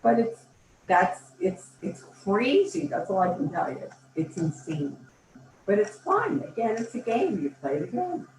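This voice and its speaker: A woman's voice: medium pitch, big pitch swings, measured pace, darkish tone, slight background noise. An older woman and company founder, chatting enthusiastically as an interview guest and acting out little anecdotes. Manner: enthusiastic, chatty, acts out quotes. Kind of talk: animated storytelling in conversation. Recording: roomy, distant mic, faint ambience.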